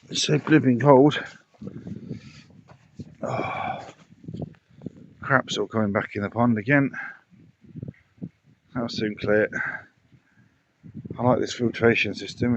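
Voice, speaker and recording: Slow gravelly man, out of breath. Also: mid-range voice, lo-fi sound, slight background noise. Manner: muttering, self-talking while working. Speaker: pond keeper vlogger. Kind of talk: casual DIY vlog commentary. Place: outdoors by a garden pond.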